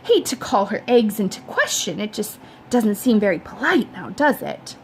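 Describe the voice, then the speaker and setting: A woman reading a storybook aloud, voicing a fussy, worried suburban mother in a high, fluttery, questioning tone. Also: sing-song, moderate pace, a little hiss or hum. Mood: fretful.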